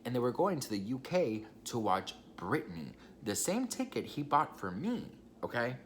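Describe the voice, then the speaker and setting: A man's voice: medium pitch, very animated, moderate pace, a bit bright, a little hiss or hum. A young man telling a personal story in a casual, chatty vlog, swearing freely and talking straight to his viewers. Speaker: vlogger.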